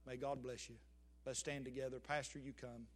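A man's voice: medium pitch, little pitch movement, moderate pace. An older man preaching a sermon, with emphatic swells and sudden drops.

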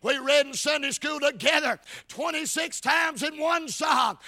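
A man preaching a shouted revival sermon with a chanted cadence, folksy rural speech and frequent calls of "Amen". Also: very high-pitched, unhurried, hardly any pauses.

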